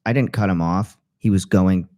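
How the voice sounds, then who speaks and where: A man's voice: sits low, normal speed, muffled recording. A man co-hosting a podcast, brashly telling stories in casual chat and swearing a lot. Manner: brash storyteller, profane. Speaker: podcast co-host.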